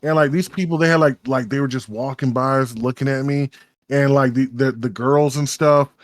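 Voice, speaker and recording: A Texas-accented man co-hosts a podcast, rambling through casual chat full of swearing and restarts. His voice sits at a medium pitch with fairly even intonation and a moderate pace, and the recording has no echo.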